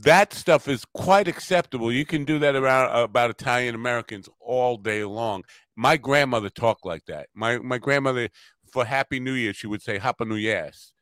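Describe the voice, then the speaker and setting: A man's voice: mid-range voice, normal speed, fairly bright tone, dry recording. A man hosting a podcast in casual chat, blunt and given to swearing. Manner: blunt and profane, mutters asides. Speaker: podcast host.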